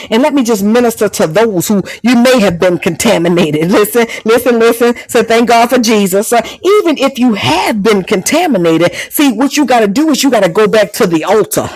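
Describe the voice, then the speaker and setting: A man with a strikingly high voice delivers a charismatic sermon. He laughs often, repeats hallelujah and slips into speaking in tongues. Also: lively intonation, moderate pace, few pauses. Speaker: preacher.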